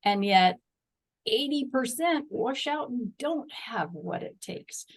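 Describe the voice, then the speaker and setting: A middle-aged woman speaks as a guest, sharing a heartfelt story of loss and faith. Her voice sits a little high, and she is earnest throughout. When she reads scripture aloud, she puts real feeling into it. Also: expressive, slow pace, husky, low-quality recording.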